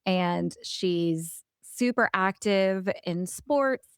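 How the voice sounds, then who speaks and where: A woman's voice: mid-range voice, drawn-out words, clean tone, dry recording, clean studio sound. A woman in her thirties co-hosting a podcast, chatting casually and acting out quotes as she tells a family story. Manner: animated storyteller, acts out quotes. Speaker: podcast co-host. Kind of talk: casual chat.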